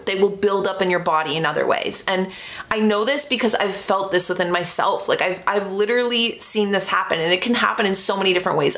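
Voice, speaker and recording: A woman's voice: mid-range voice, fairly bright tone. A young woman talking casually to camera as a vlogger, earnest and rambling, with many "like" fillers.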